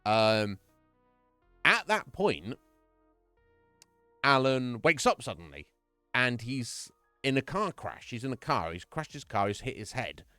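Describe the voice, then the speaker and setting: A man's voice: medium pitch, very animated, slow pace, long pauses, bright, forceful tone, dry recording, faint music behind. A man streaming live, casually recapping a horror game's story in a rambling, swear-heavy way and laughing often. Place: home streaming setup.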